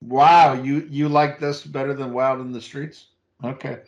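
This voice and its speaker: A man's voice: mid-range voice, fairly even intonation, unhurried. A man hosting a music podcast, teasing his co-hosts and handing the mic around. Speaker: podcast host moderating. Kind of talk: casual chat.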